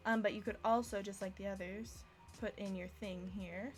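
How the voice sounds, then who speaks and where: A woman's voice: mid-range voice, quick pace, soft background music. A young woman giving a casual live-streamed language lesson, chatty and self-deprecating, often laughing at herself. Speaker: language teacher.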